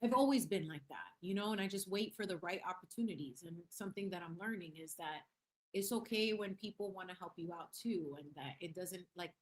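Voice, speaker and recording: A woman hosting a casual livestream, chatting in a lively, slangy way, reading the chat aloud and dropping in Spanish phrases. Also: on the low side, fairly quick. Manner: laughs often and reads chat aloud. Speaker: livestream host.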